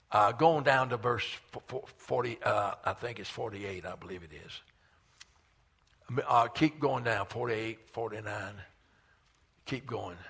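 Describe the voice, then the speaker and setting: A man preaching with a bright, forceful voice. He swells to loud, fervent peaks and sinks to hushed lines. Quick stammered restarts break his flow. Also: medium pitch, vocal fry. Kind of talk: sermon.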